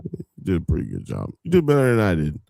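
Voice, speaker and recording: A man's voice: deep voice, wildly swooping pitch, fast talker, gravelly, dark tone, dry recording. A man hosting a live podcast in casual chat, joking and laughing often. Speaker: podcast host.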